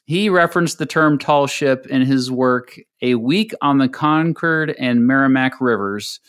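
Casting: man, podcast co-host, easygoing chat, mid pitch, laughs often. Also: unhurried, smooth. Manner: relaxed, laughs easily, reads out facts.

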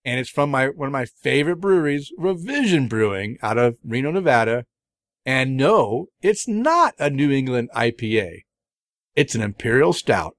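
Talking beer on his podcast, a middle-aged host swings widely in pitch around a medium range, at a moderate pace. He chats casually and eagerly about brews he's tasted, rambling with fillers and restarts. Studio quality, no room sound.

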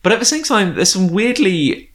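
A man co-hosting a casual chat, animated, laughing often and acting out lines. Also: sits high, moderate pace. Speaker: podcast co-host. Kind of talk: casual chat recapping an anime.

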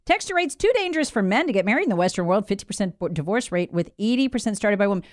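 A woman's voice: mid-range voice, racing, dry recording, clean studio sound. A woman hosting a talk show, delivering an emphatic, opinionated monologue and reading out listener comments. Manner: animated, conversational, emphatic.

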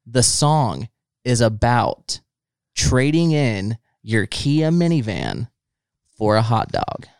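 A man's voice: medium pitch, big pitch swings, takes it slowly, clean tone, dry recording, studio quality. A man hosting a podcast in casual chat, laid-back and full of "like" and "bro.". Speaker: podcast host.

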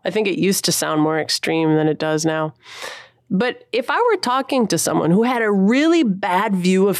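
A woman's voice: on the low side, no room sound, studio quality. A woman musician in her thirties, talking casually and thoughtfully in an interview, using slang and laughing often. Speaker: musician guest.

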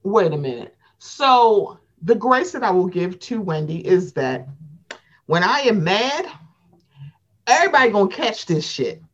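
A woman's voice: medium pitch, a little slow, lo-fi sound. A woman chatting casually, animatedly acting out other people's lines in playful voices and swearing freely. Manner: animated, acts out quotes with playful voices, profane. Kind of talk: casual chat recapping reality TV.

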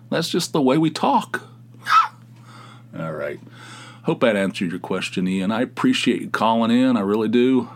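A man from the United States hosting his own podcast, talking in a rambling, meandering, self-deprecating way. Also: lowish voice. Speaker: podcast host. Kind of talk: casual solo podcast monologue.

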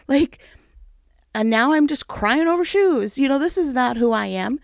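A woman's voice: high-pitched, lively intonation, moderate pace, creaky, no echo, clean studio sound. A woman vlogger talking openly and emotionally to her viewers at home, laughing at herself as she shares her faith. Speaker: Christian vlogger. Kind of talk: candid personal talk to camera. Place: home in snowy region.

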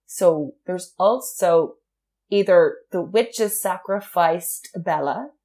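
A woman's voice: fairly low pitch, slow, mellow. A woman co-hosting a podcast, telling a true crime story in a casual chat and laughing often. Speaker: podcast co-host.

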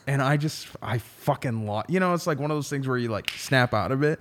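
A man's voice: mid-range voice, expressive, brisk, fairly bright tone. A man who is a defense attorney, telling a story in a casual podcast chat with emphatic, profane language.

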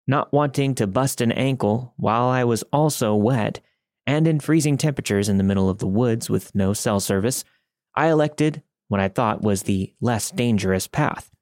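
A man narrating a first-person horror story in a steady, wry manner, recorded on a studio microphone. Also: mid-range voice, no room sound.

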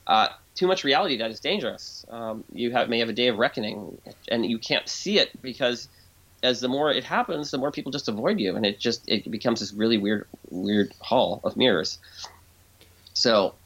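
A man talking as a guest expert in an interview. He explains in a lively, conversational way, often restarts his sentences and acts out voices when he quotes people. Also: mid-range voice, moderate pace.

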